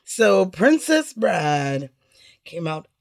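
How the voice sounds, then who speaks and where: A woman's voice: fairly low pitch, big pitch swings, very slow, creaky, a little mellow. A woman in casual chat, playful and swearing casually while talking.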